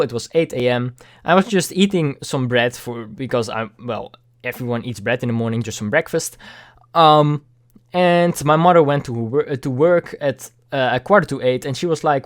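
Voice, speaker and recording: A young man vlogging a candid personal story, halting and repeating words, with casual swearing. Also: medium pitch.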